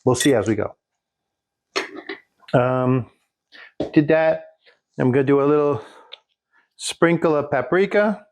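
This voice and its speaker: A man's voice: fairly high pitch, slow pace, pauses often, a little mellow, slight background noise. A man casually showing a recipe in his home kitchen, rambling with folksy jokes and asides. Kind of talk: casual cooking demonstration.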